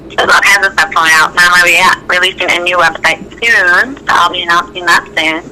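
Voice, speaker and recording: A woman being interviewed, chatting in a relaxed, upbeat way and laughing easily. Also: lowish voice, quick pace, slight background noise, poor audio. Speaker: guest. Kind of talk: casual interview chat.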